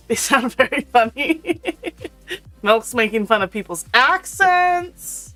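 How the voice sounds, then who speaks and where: A woman's voice: a little high, lively intonation, unhurried, bright, forceful tone. A woman streaming a video game, chatting casually with her viewers and her pet, laughing often. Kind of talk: casual chat while gaming. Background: faint intro music.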